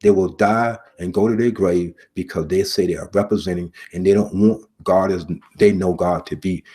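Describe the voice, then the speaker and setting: A middle-aged man with a low, husky voice delivers a sermon-style message. He speaks earnestly, repeats his key phrases and pauses between them. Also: fairly even intonation, a little mellow. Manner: earnest, repetitive preaching with pauses. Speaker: preacher, former police officer.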